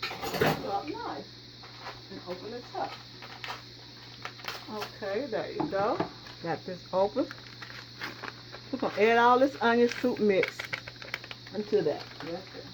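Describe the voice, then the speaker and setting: A woman hosting a home cooking video, chatting folksily to viewers as she works in her kitchen. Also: fairly low pitch. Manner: folksy, chatty, talks straight to viewers with frequent y'all. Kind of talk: casual cooking demonstration. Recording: dull lo-fi sound with steady background noise.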